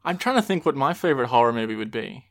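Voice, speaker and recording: A man hosting a podcast who speaks in a measured, thoughtful way in casual chat. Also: mid-range voice, expressive, vocal fry.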